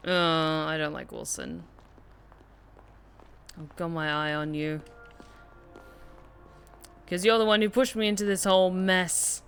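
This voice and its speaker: Excitable woman streaming a game. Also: lowish voice, slow, pauses often, soft background music. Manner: excitable, exclaiming and swearing. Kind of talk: casual gameplay commentary.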